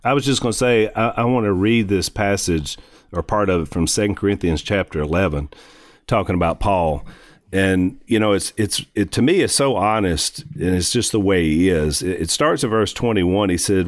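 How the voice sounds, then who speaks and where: A man with a low voice reads a scripture passage aloud in a relaxed podcast chat, breaking in with his own comments. The sound is close and dry. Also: brisk, dry recording. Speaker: podcast co-host. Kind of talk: casual faith discussion with scripture reading.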